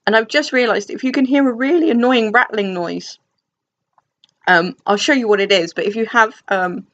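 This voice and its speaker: A woman's voice: on the high side, moderate pace, fairly bright tone, dull audio. A young woman from England chatting casually about books, rambling and self-deprecating with many fillers and restarts. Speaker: book vlogger. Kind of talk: casual chat. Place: dim room at home.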